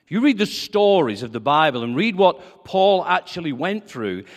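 A male preacher delivering a conversational sermon, acting out quoted dialogue with animated swings. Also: sits high. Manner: lively, conversational, acts out quotes. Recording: reverberant hall.

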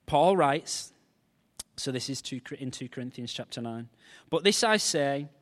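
Preacher, hall reverb. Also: male voice, mid-range voice, a little slow. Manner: animated, jokey storytelling with quoted dialogue. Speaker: pastor. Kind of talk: sermon.

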